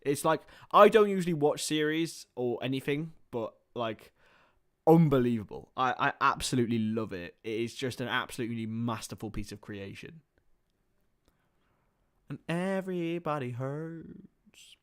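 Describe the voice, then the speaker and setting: A young man hosting a live football watchalong, mixing play-by-play commentary with rambling chatty asides and getting excited on chances. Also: medium pitch, moderate pace, clear, resonant tone.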